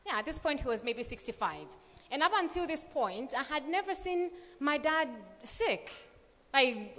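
A young woman reading scripture and then telling a lively personal story with many fillers at a church gathering. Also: a little high. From Malawi. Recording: long reverb of a large hall.

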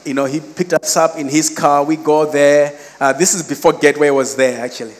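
A man's voice: fairly high pitch, fairly quick, big-room sound. A man, preaching a sermon in a conversational, storytelling way. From Malawi. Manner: storytelling, animated quoted voices, conversational asides. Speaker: pastor.

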